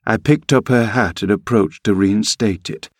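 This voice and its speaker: A man narrating an audiobook in a measured storytelling manner. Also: fairly low pitch, slightly rough, no room sound, studio quality. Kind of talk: audiobook reading.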